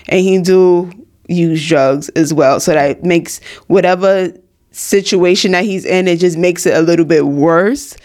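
A young woman, casually telling a storytime in a slangy, emphatic way from her home studio. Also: on the low side. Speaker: vlogger.

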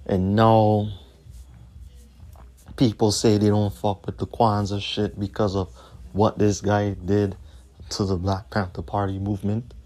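A man's voice: on the low side, little pitch movement, measured pace, long pauses, mellow. A man hosting his own podcast, ranting in a combative, profane way and repeating his points. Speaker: podcast host.

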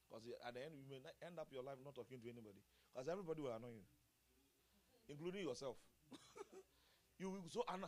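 A man preaches a sermon, his voice sitting a little higher than most men's. He chuckles often and swings between soft, low murmurs and loud, ringing exclamations. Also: expressive, brisk, long pauses. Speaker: pastor. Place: church service.

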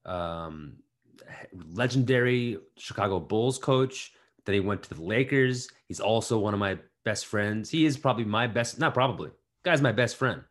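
A young man co-hosting a podcast, joking around in casual chat and riffing bits with quick restarts. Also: lowish voice. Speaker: podcast co-host.

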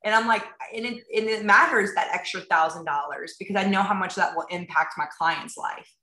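A woman's voice: medium pitch, brisk, sharp tone, reverberant, low-quality recording. A woman realtor chatting casually in an interview, acting out little bits of dialogue and filling her talk with "like" and "um". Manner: chatty, acts out dialogue, many fillers like "like" and "um". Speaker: realtor and TV show guest.

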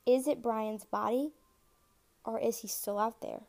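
A woman hosting a casual true-crime podcast, chatty and excitable, talking straight to her listeners and stumbling over words now and then as she reads. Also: a little high, a little slow, creaky. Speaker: podcast host.

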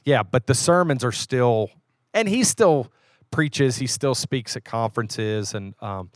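A man's voice: medium pitch, lively intonation, measured pace, no echo, clean studio sound. A man, a pastor from West Virginia, chatting casually and easygoing on a podcast. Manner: easygoing, stops and restarts, warm enthusiasm. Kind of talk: casual chat.

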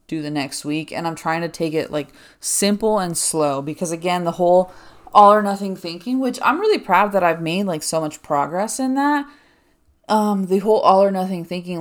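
A young woman with a low voice talks through a casual solo podcast episode. She rambles in a chatty way, dropping "like" constantly, and sounds a little out of breath. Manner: rambling, chatty, filler-heavy with frequent "like". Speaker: podcast host.

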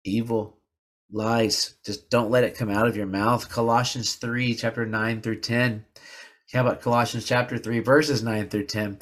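A man's voice: mid-range voice, little pitch movement, a little slow. A man hosting a podcast, telling a personal story in an earnest, confessional way and repeating words for emphasis. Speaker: podcast host. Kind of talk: personal reflective podcast monologue.

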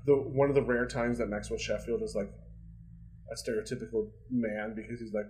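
A man at an ordinary middle pitch co-hosts a casual podcast. He rambles through his retelling with many fillers and restarts. He swears freely and laughs often. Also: little pitch movement, fairly quick, darkish tone, rough recording. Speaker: podcast co-host. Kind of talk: casual chat recapping a sitcom.

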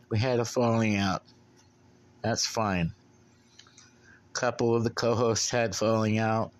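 A man's voice: lowish voice, little pitch movement, slow pace, pauses often. A man hosting a podcast alone, rambling casually and bluntly with plenty of swearing while drinking beer. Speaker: podcast host.

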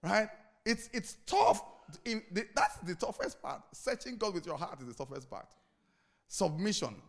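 Lively, high-voiced male pastor preaching. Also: moderate pace, creaky. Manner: asks the congregation call-and-response questions; repeats key phrases for emphasis. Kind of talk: sermon.

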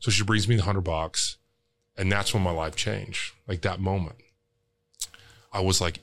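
A man's voice: low-pitched, fairly even intonation, unhurried, creaky, long pauses. A man, a real estate entrepreneur, candidly telling a personal story as a podcast guest, emotional and casually swearing.

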